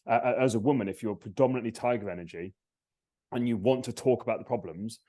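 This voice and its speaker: A man hosting a podcast, talking eagerly in a casual conversational way and repeating words when he gets excited. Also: mid-range voice, quick pace. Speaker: podcast host.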